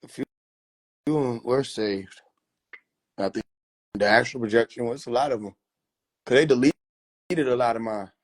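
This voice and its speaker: A man's voice: medium pitch, normal speed, long pauses. A man chatting casually on a phone livestream, loose and profane, laughing often. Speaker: livestream host.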